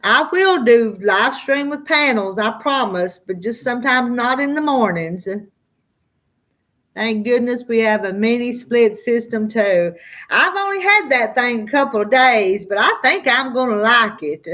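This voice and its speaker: A middle-aged woman with a slow Southern drawl talks casually to her live-stream viewers, her voice sitting a little high for a woman. She chats, answers comments and laughs often. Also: animated, fairly bright tone. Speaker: farm vlogger answering live chat.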